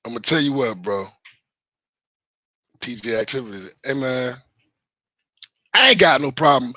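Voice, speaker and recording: A man's voice: mid-range voice, bright, forceful tone, no room sound, low-quality recording. A man hosting a livestream, ranting to his chat in a heated, defensive way, swearing and repeating himself. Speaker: livestream host. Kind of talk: casual livestream rant to chat.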